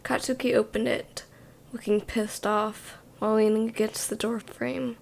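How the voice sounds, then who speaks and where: Woman narrator for whispered role-play, hushed second-person telling, highish voice with fry. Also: level tone, moderate pace, hardly any pauses. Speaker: storyteller.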